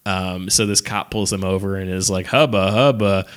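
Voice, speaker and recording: A man's voice: low-pitched, steady tone, moderate pace. A man on a podcast casually recapping a movie plot, rambling with lots of fillers and laughing as he retells scenes. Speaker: podcast co-host.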